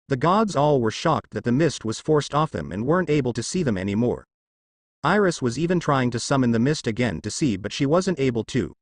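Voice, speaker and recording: Animated male fan-fiction narrator. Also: medium pitch, dry recording, clean studio sound. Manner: reads every character in the same voice. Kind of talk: fan fiction read-aloud.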